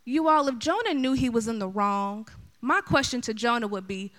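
A middle-aged woman preaches a sermon in an animated, chatty way, turning often to her listeners. Her voice is bright and fairly high. She moves between loud emphasis and softer asides. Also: moderate pace. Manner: animated, chatty, addresses the audience directly.

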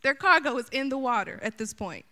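Woman preacher, middle-aged, sermon, animated and chatty, bright voice, a bit high. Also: brisk. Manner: animated, chatty, addresses the audience directly.

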